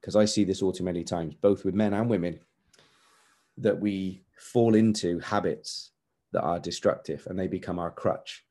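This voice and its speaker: A man's voice: low voice, steady tone, normal speed, dark tone. A man in his forties hosting a podcast, giving an earnest, candid motivational monologue with repeated emphatic phrases. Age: 40s. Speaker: podcast host.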